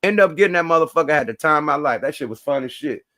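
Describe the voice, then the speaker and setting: A man telling a story in casual chat, animated and slangy, acting out both sides. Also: a little high, rapid-fire, no echo, studio quality. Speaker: host.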